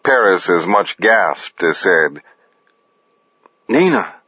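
A man narrating fiction in an expressive, deliberate manner. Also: sits low, no echo, highs cut off. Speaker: audiobook narrator.

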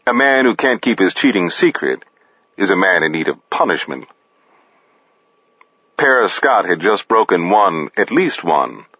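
Dry, unhurried male audiobook narrator with a low voice. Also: fairly bright tone, breathy edge, no echo. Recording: dull, dry close recording.

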